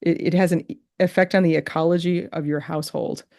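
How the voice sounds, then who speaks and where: A woman hosting a podcast, chatting casually and telling a lively story with laughs. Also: on the low side, quick pace. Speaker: podcast host. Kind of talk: casual interview chat.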